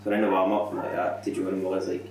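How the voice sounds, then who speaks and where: A man's voice: deep voice, completely flat delivery, fast, a little mellow. A man telling a swearing, laughing football anecdote in casual chat. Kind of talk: casual podcast storytelling. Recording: echoey room, distant mic, crowd noise.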